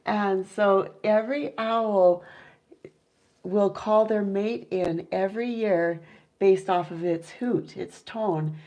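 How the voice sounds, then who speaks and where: An enthusiastic woman chats casually to her viewers, warm in interest and quick to trail into fillers. She breaks off at times to mimic soft owl hoots. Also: mid-range voice, fairly even intonation, lo-fi sound. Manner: chatty and enthusiastic, many fillers. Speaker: owl keeper and vlogger.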